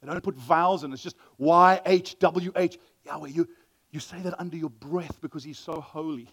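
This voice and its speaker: High-voiced guy preaching, gets loud then goes real soft and tender. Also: steady tone, normal speed, breathy edge. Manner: dramatic swings from loud exclamations to hushed, tender asides. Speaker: pastor. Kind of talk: sermon.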